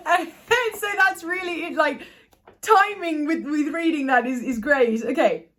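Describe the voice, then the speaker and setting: A woman's voice: sits high, moderate pace. A woman with Irish family ties, chatting to her phone's front camera at home and reading a daily devotional aloud, often stopping to correct herself. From Ireland. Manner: chatty, self-correcting, reads aloud gently. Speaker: vlogger. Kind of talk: casual vlog with devotional reading.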